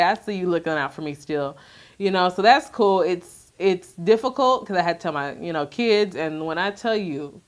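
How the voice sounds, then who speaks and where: A woman talking candidly to camera in a soft, reflective way, with many fillers. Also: lowish voice. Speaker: vlogger sharing her grief. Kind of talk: candid personal talk to camera.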